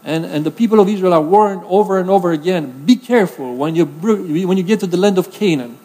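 A man from Romania preaches in an earnest, conversational style, his voice sitting notably high for a man. His words ring out with a long reverb, as if carried through a large hall. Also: brisk, warm tone. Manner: earnest, conversational preaching with emphatic scripture reading. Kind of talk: sermon.

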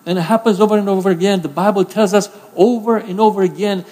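A man's voice: sits high, steady tone, fast talker, darkish tone, big-room sound. A man preaching a sermon in an earnest, conversational way, from Romania, reading scripture with emphasis and addressing the congregation directly.

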